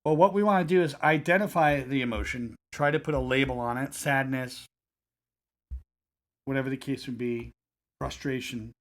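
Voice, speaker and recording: A man guiding listeners through a self-help technique in a calm, repetitive coaching cadence. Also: medium pitch, normal speed. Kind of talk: guided self-help instruction.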